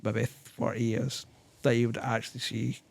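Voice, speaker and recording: A Scottish man, a guest on a podcast, speaking thoughtfully in casual chat with lots of pauses and fillers. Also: medium pitch, little pitch movement, gravelly, no echo. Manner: thoughtful, hesitant, many fillers. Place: podcast studio.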